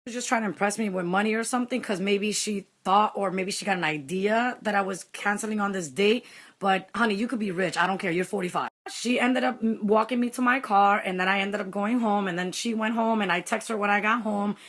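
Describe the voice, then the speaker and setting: A young woman casually telling a story, animated, slipping Spanish phrases in among many "like" fillers. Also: medium pitch, a little fast, hardly any pauses. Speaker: vlogger.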